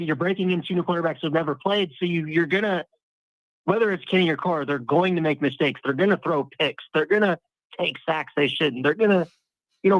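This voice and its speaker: A man's voice: on the high side, no room sound, dull audio. A man in casual sports talk, analyzing football at length with frequent restarts.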